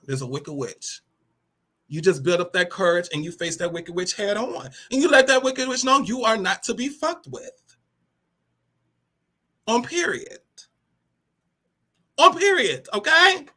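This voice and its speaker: A woman hosting a motivational talk with a brassy, animated delivery, cursing freely and calling listeners honey and baby. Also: medium pitch, unhurried, long pauses, slightly rough. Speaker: host of a motivational talk show.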